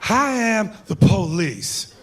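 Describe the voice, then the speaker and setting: A man doing an impression of an intense older police detective from a crime film, with slow, emphatic, theatrical delivery, before a live audience. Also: high voice, big pitch swings, pitched above the performer's own voice, exaggerated voice. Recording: live club mic with loud crowd.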